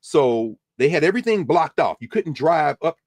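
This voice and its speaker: A man hosting a podcast lecture, talking in an animated, conversational storytelling way and repeating words as he builds his points. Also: fairly high pitch, moderate pace, dry recording.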